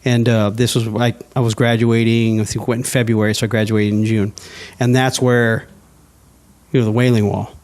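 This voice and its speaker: A man in a casual podcast interview tells his personal story with plenty of energy. His voice sits at an ordinary middle pitch, and he keeps breaking into playful quoted voices for his past self. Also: normal speed. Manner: animated storyteller, acts out his own past thoughts in quoted asides. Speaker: guest sharing his testimony.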